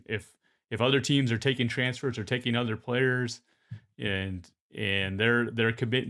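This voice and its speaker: Male podcast host, low with vocal fry, hesitant and filler-heavy. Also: bright, forceful tone. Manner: hesitant, lots of "like" and restarts. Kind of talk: podcast conversation.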